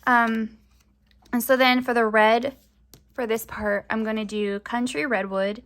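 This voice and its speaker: A woman's voice: a little high, fairly even intonation, a little slow, fairly bright tone. A young woman chatting casually to camera as a crafting vlogger, rambling with lots of fillers, her voice often rising at the ends of sentences.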